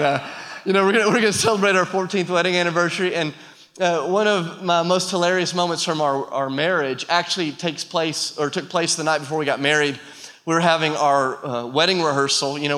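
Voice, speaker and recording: Bright-voiced man preaching in a reverberant hall. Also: fairly high pitch. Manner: storytelling, self-deprecating, rising to passionate appeals. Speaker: pastor. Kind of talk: sermon.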